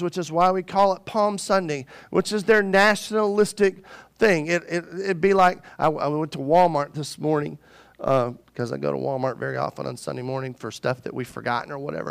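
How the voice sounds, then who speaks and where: A man preaching a sermon as a pastor, telling the story in an animated, joking way. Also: fairly high pitch, gravelly, smooth.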